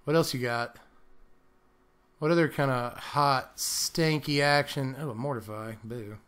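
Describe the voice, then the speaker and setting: A man's voice: medium pitch, unhurried, fairly bright tone, clear, resonant tone. A young man giving casual, playful commentary on a card game, laughing often and sometimes slipping into a mock British accent. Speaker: gameplay commentator.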